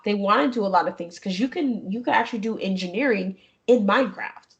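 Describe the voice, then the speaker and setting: A young adult woman, a gaming streamer, talking casually and expressively in an interview, often laughing and lively. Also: medium pitch, a little fast, muffled recording. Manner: animated and expressive, jumps into quoted voices, laughs often.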